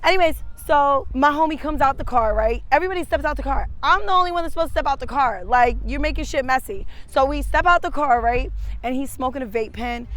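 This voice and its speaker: A woman's voice: high voice, fairly quick, a bit bright. A woman telling a personal story in casual, profane, slang-heavy speech. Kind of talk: casual street-interview storytelling.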